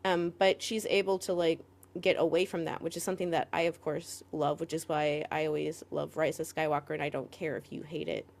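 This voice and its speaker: A woman co-hosting a podcast in casual chat, rambling with lots of "like" fillers and quick laughs. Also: sits low, level tone, vocal fry, darkish tone. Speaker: podcast co-host.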